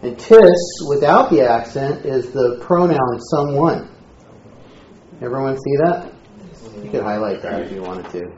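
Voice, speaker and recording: A man teaching a Greek class in a relaxed, joking lecture style. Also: mid-range voice, a little slow, slight background noise. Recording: echoey room, dull lo-fi sound.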